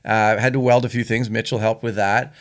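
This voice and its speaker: A man's voice: lowish voice, level tone, brisk. A middle-aged man with a Canadian accent, a podcast guest telling stories in an easygoing way with frequent fillers. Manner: easygoing storyteller, hesitant fillers. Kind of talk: casual chat.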